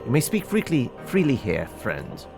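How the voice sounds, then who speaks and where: A man's voice: mid-range voice, wildly swooping pitch, normal speed, vocal fry, over music, voice pushed up. A man voicing a proud, anxious young noble lord in a fantasy game, with lofty, formal diction and some stumbles. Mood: courtly.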